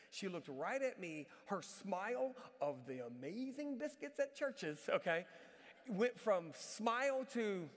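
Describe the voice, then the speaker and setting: A man, a traveling church speaker, telling a story in a sermon with animated, self-mocking energy. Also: high voice, in a large hall. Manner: says he can be loud.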